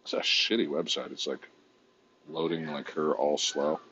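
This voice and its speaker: A man's voice: extremely low pitch, steady tone, normal speed, bright, forceful tone, muffled recording, a little hiss or hum. A man vlogging in a casual, rambling, profane way while browsing online, often mocking himself.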